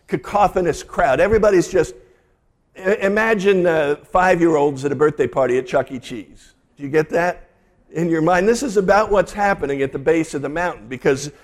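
A man, a pastor, delivering a sermon and retelling scripture in a lively storytelling way. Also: fairly high pitch, moderate pace.

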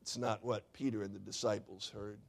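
A male pastor preaching a sermon in a church sanctuary, putting questions to the congregation and swinging from loud to hushed. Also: fairly low pitch, little pitch movement, moderate pace, vocal fry.

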